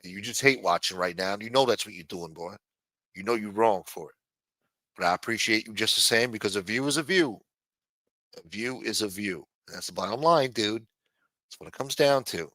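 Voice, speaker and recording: A man's voice: lowish voice, moderate pace, bright, forceful tone, dry recording. A man with a New Jersey accent hosting a casual livestream, reading the chat aloud in rambling, profane street talk. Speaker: livestream host.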